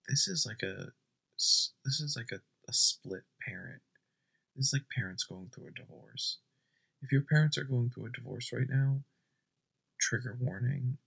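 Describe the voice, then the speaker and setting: A young man doing a deadpan comedy bit at home at night, rambling and often dropping to a whisper. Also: medium pitch, normal speed, creaky, slightly rough.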